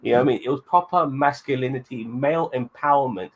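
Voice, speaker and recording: A man's voice: medium pitch, fast talker. A man co-hosting a casual movie review chat, blunt and emphatic, swearing heavily. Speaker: podcast co-host.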